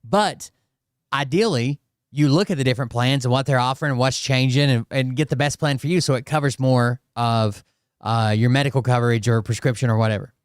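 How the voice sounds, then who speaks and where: A man's voice: mid-range voice, fairly quick, clean tone, no room sound, studio quality. Blunt, profane man reacting to a video. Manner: blunt, profane, with frequent restarts. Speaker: commentator. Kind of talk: casual reaction commentary.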